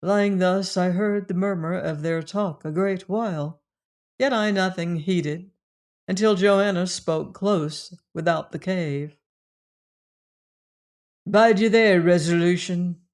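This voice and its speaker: Slow, measured woman audiobook narrator. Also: fairly low pitch, a little mellow. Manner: measured, unhurried storytelling. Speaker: audiobook reader. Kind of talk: first-person novel narration.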